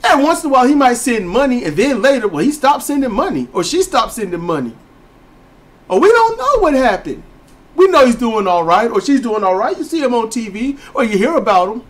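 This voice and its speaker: A man co-hosting a podcast, ranting and telling stories in an emphatic way. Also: brisk. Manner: emphatic, storytelling, lively pitch swings. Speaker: podcast co-host. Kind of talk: casual ranting commentary.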